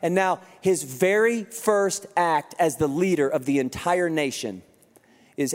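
A man's voice: on the high side, measured pace. A man preaching a sermon as a pastor, telling a personal story in a conversational way and acting out the voices of the people in it, with a congested voice. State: congested from crying. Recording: long hall reverb.

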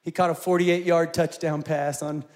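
A man in his forties preaching a sermon, telling personal stories in an animated way and rising to loud, emphatic peaks. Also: on the high side, moderate pace. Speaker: pastor.

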